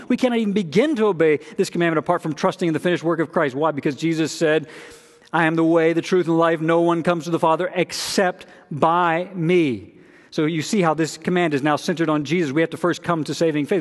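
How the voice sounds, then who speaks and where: A male pastor delivers a sermon in a somewhat high voice, earnest and deliberate. He restates key lines to drive them home. His voice carries with a long reverb, as in a large church sanctuary. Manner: earnest preaching, repeats key phrases for emphasis.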